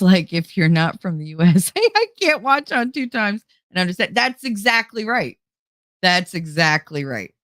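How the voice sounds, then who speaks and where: On her own show, a woman with a lowish voice chats through a story, animatedly quoting what people said, even though she isn't feeling well. It's a dry recording of studio quality.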